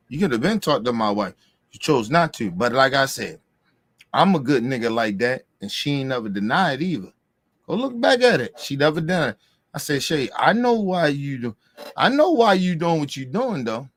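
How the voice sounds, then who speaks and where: In a medium-pitched voice, a man hosting a podcast delivers casual ranting commentary, heated and full of swearing, hammering points home through repetition. The recording is dry.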